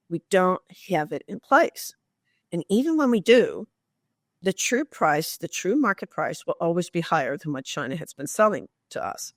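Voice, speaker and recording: A woman answering interview questions at an even, measured pace, leaning on key words and posing rhetorical questions along the way. The sound is close and dry, with no room around it. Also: fairly low pitch, dry recording. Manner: measured, explanatory, with emphatic stress and rhetorical questions. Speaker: guest expert.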